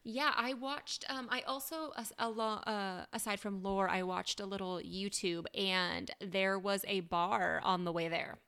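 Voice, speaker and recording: A woman co-hosting a podcast, chatting casually in a relaxed, slightly hesitant way. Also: mid-range voice, unhurried, hardly any pauses, clean tone. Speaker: podcast co-host. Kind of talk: casual chat.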